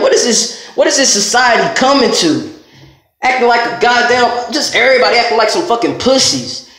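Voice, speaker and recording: A man's voice: extremely high pitch, a bit bright. A man ranting bluntly and angrily at the camera, cursing constantly in a confrontational vlog. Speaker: vlogger. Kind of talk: heated profane rant to camera. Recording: very echoey room.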